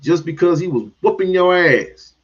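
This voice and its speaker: A man's voice: on the high side, expressive, moderate pace, husky, muffled recording. A man hosting a livestream, talking bluntly and in a drawl straight to his chat. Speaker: livestream host. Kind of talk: livestream commentary.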